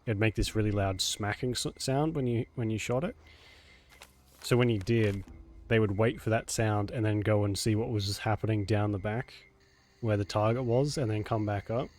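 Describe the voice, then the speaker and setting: A man's voice: on the low side, fairly even intonation, moderate pace, a little mellow. A man chatting casually while streaming a game live. He laughs often and keeps saying meow. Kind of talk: casual live gameplay chat.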